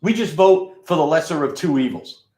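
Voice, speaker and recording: A man's voice: fairly high pitch, expressive, normal speed, mellow. New York man, mixed Queens-Bronx accent, scratchy and rustic, rambling and profane, roomy echo. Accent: New York mix of Queens and Bronx. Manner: profane, rambling, with many fillers and restarts. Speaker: radio and video host. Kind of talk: casual rambling monologue.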